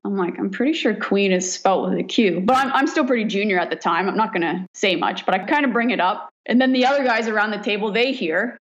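A woman firefighter from Canada telling stories in a casual interview, frank and quick to laugh, swearing freely. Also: mid-range voice. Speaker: firefighter guest. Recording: dull lo-fi recording.

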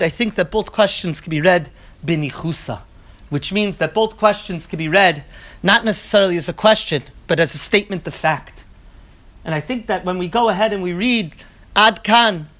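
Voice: medium pitch, brisk, a bit bright. A teacher giving an evening lecture on a Talmud passage, reading each line in the original and translating it phrase by phrase, with earnest restated phrases and a few hesitant fillers. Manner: occasional hesitant fillers while searching for words. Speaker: Torah teacher.

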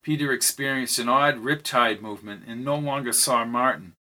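Man narrating a novel, bright tense voice, middle pitch, storybook reading. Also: normal speed. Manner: reads dialogue with lifted pitch for characters. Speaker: audiobook narrator.

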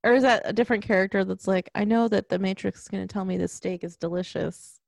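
A woman's voice: mid-range voice, fairly even intonation, quick pace, creaky, no echo. A woman in casual conversation about a film, retelling scenes and quoting the characters' lines. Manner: chatty, retells scenes with quoted lines, frequent restarts. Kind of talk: casual movie discussion.

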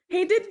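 A woman co-hosting a casual movie recap chat, animated and laughing often, swearing freely. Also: extremely high pitch. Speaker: podcast co-host.

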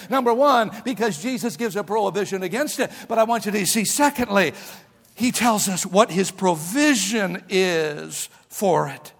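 A pastor preaches with a high voice, telling folksy stories to his congregation. He moves between quiet asides and shouted emphasis. His voice carries a long reverb from a large church hall. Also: lively intonation, moderate pace, creaky. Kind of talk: sermon.

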